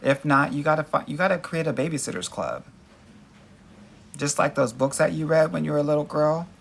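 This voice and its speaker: Speaking briskly in a slightly high, gravelly voice, a man runs a casual dating Q&A livestream, responding to viewer comments. He's emphatic and sassy, calling his audience girl and honey, and there's a little hiss or hum.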